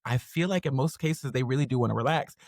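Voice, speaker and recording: An animated man co-hosting a casual podcast, often jumping up high to act out what others said. His voice sits at a middle pitch and sounds close and dry, with no room behind it. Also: quick pace, no room sound. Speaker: podcast co-host. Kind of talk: casual chat.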